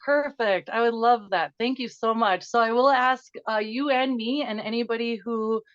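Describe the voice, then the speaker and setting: A middle-aged woman guest speaking earnestly and emotionally in quick bursts, then slowly guiding a breathing exercise. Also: a little high, dry recording, lo-fi sound. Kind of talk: conversational interview, guided breathing.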